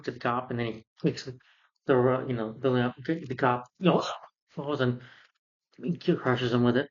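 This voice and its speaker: A man's voice: medium pitch, fairly even intonation, normal speed, muffled recording. A man casually recapping a film in a rambling rant, full of fillers and sarcastic asides. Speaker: film reviewer.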